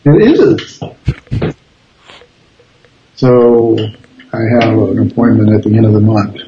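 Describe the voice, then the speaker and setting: A man's voice: lowish voice, lively intonation, slow pace, warm tone, a little hiss or hum. A laid-back, teasing man in casual chat, on a dull lo-fi recording. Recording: dull lo-fi sound.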